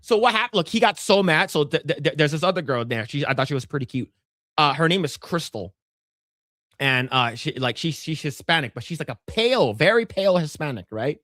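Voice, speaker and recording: A man co-hosting a livestream narrates a long tale in loose, foul-mouthed chat that keeps restarting and stammering. His voice is fairly high, expressive and fairly bright, moving briskly, with studio quality and no room sound.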